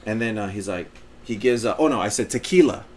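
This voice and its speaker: A man's voice: on the low side, fairly quick. Rambling, swearing male podcast storyteller. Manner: rambling, animated storyteller who acts out quotes, swears freely. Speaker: podcast co-host. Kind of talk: casual storytelling chat.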